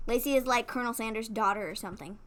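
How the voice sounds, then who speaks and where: A woman co-hosting a casual wrestling recap, telling stories in an excitable, animated way with lots of "like". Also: a little high. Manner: excitable, animated storyteller, fillers of "like". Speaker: co-host.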